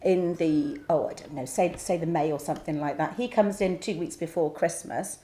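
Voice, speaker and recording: A middle-aged Englishwoman tells anecdotes in an easy, chatty way. Her voice sits a little on the low side, and she talks like someone sharing stories among friends. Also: moderate pace, warm tone. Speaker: co-host, former lingerie shop owner. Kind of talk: casual chat.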